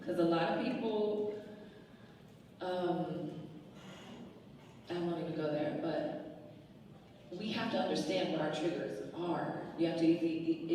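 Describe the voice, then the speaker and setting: A woman's voice: low voice, darkish tone, slight background noise. A woman on a panel speaking thoughtfully and reflecting on her own experience. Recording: echoey hall from far off.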